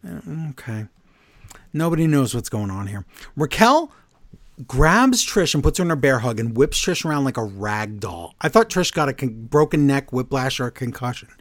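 A man's voice: medium pitch, normal speed, no room sound, studio quality. A man co-hosting a podcast, recapping wrestling shows in a casual, exasperated and mocking way. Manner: animated, exasperated, mocking the quotes.

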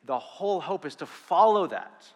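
A man preaching a sermon as pastor, earnest and animated, with quick asides and restarts. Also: a little high, big-room sound.

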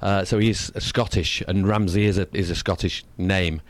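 Low-voiced Manchester-accented man. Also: steady tone. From England. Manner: quick, eager, tends to rush. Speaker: musician guest. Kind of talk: casual interview talk.

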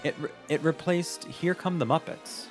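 A man co-hosting a podcast in casual chat, fast-talking and jokey. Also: fairly high pitch, over music. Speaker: podcast co-host.

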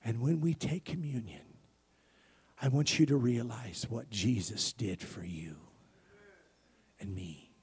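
A male pastor preaching a sermon, swinging between loud bursts and soft near-whispers and calling for amens. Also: medium pitch, slightly rough.

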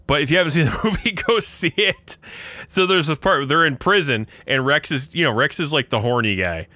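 Lively bright-voiced male podcast co-host. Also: a little high, fairly quick, dry recording. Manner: animated storyteller. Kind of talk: casual chat.

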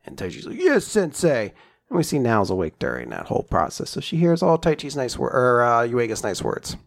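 A man's voice: mid-range voice, big pitch swings, brisk, gravelly. A young man in casual chat, animatedly retelling a chapter and jumping into character voices as he goes. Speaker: podcast co-host recapping a manga chapter.

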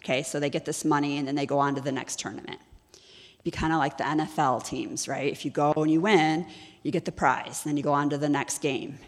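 A woman's voice: sits low, fairly even intonation, a little fast, in a large hall. A woman giving a sermon-style teaching in a conversational, storytelling way, often asking her listeners questions. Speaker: ministry executive director teaching.

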